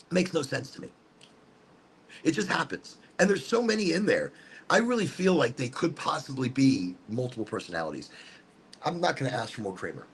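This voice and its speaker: Man, host, casual motivational talk, rambling, preachy, gravelly voice, slightly high pitch, outdoor garden. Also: very animated, brisk. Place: outdoors in a hot botanical garden.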